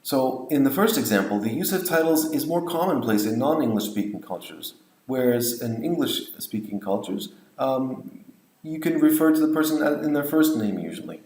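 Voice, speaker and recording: A man's voice: medium pitch, lively intonation, normal speed, darkish tone, reverberant, poor audio. A man lecturing on language teaching, explaining points and modeling example phrases. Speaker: English teacher trainer.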